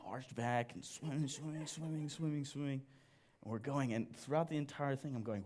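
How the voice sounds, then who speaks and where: Male church speaker, mid-pitched voice, animated storyteller who pokes fun at himself. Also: normal speed. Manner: animated storyteller, jokes at own expense, addresses audience. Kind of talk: sermon with personal story. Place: church service.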